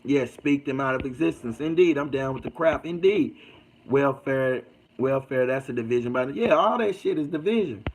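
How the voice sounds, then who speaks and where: A man's voice: mid-range voice, animated, moderate pace, low-quality recording. A man hosting a casual livestream, reading out comments and preaching in a loose, slangy way. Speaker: livestream host.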